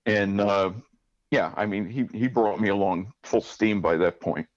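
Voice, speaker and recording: A man's voice: fairly low pitch, unhurried, no room sound, muffled recording. A man speaking as an interview guest, telling a story with lots of fillers and restarts while he searches for words. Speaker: guest, arranger and musician.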